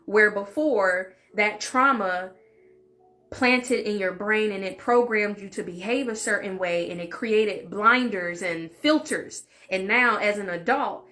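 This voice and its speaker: A woman's voice: medium pitch, pushed and bright. A young adult woman vlogger telling a candid, emotional personal story in casual conversational talk, with fillers and asides. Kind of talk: storytime vlog.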